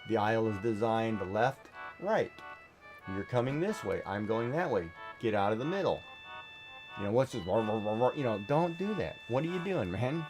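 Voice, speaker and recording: A man's voice: medium pitch, expressive, normal speed, music in the background. A middle-aged man streaming a game, chatting casually in a rambling way with many restarts and fillers. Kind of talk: casual chat while gaming.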